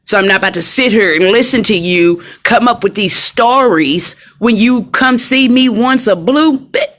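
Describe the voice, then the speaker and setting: A woman's voice: on the high side, moderate pace, fairly bright tone. A woman ranting emphatically on a casual live stream from a hospital room, talking straight to her viewers and repeating herself. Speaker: livestreamer.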